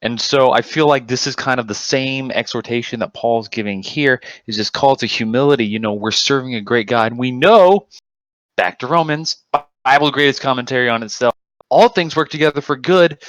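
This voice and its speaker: A man's voice: medium pitch, moderate pace, no room sound, highs cut off. Man getting fired up at Bible study. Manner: gets excited and emphatic, repeats words. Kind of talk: casual group Bible study discussion.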